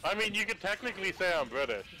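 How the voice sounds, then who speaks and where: A man's voice: high voice, big pitch swings, quick pace, bright, forceful tone, soft background music, rough recording. A man from Canada chatting and commentating on a gaming stream, joking and rambling. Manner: joking, rambling, British slang. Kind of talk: casual gaming stream chat.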